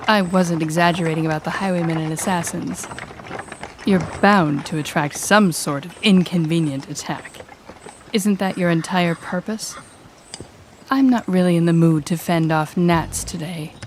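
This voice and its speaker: A woman's voice: on the low side, moderate pace, slight background noise, natural voice. A woman voicing a cold, sardonic female demon lord who talks in a curt, cutting, sarcastic way in an audio role-play. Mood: cold, disdainful.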